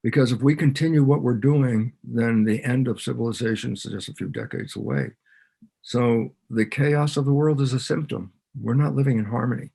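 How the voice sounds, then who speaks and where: A man with a gravelly, somewhat husky voice talks as a guest on an interview podcast. He explains his points with lively energy, often switching into quoted voices to act out little back-and-forth exchanges. His pitch sits in an ordinary middle range. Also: moderate pace. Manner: animated, acts out both sides of dialogues.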